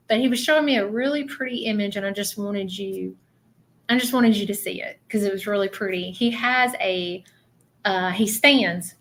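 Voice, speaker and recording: A woman hosting a live stream as a psychic medium. She rambles and repeats herself with animated energy. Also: on the high side. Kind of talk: live-stream reading with viewers.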